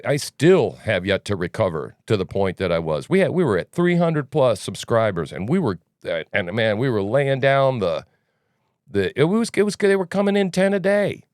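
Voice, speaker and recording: A man's voice: mid-range voice, very animated, moderate pace, smooth, dry recording, studio quality. A man hosting a news commentary podcast, talking casually in a rambling, sarcastic way. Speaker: podcast host.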